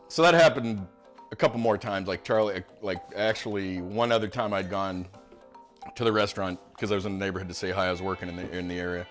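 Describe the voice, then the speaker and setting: A man's voice: low-pitched, steady tone, fast talker, soft background music. A man telling a casual anecdote as a guest, acting out the people he quotes. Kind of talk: casual storytelling.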